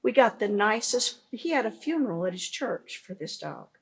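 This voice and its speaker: A woman's voice: on the high side, lively intonation, normal speed, slightly rough. A woman, founder of a pet business, telling stories earnestly in a conversational interview, with frequent restarts.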